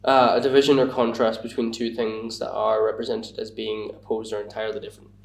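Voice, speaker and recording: A man's voice: on the low side, flat delivery, fairly quick, creaky, recorded from a distance. A young man with a Scottish accent from the Glasgow area, chatting casually as a podcast guest. He rambles, fills his talk with "like" and jokes at his own expense. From Scotland. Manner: rambling, lots of "like", self-mocking. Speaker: podcast guest, bar worker. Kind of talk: casual chat. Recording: echoey room, from off the mic.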